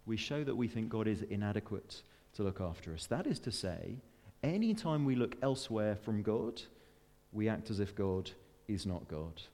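A man preaching a sermon in an earnest manner, slowing down for weighty scripture readings and breaking into chatty, self-deprecating asides. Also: fairly low pitch, very animated, warm tone, big-room sound. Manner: earnest, with rising emphatic peaks and slowed, weighty readings.

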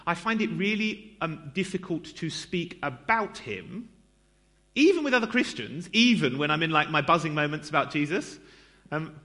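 A man's voice: fairly high pitch, very animated, moderate pace, sharp tone. A man giving a conversational sermon in a church, self-deprecating and chatty, with lots of fillers and asides to the congregation. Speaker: preacher.

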